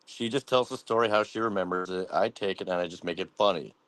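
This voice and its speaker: Low-voiced man riffing in crude banter. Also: quick pace, fairly bright tone, clean tone, no echo. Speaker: host. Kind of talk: casual comedic roast chat.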